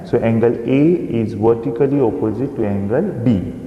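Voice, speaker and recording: A man teaching a recorded maths lesson, explaining slowly and pointing out figures on screen. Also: medium pitch, phone-quality sound. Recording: echoey room with long reverb.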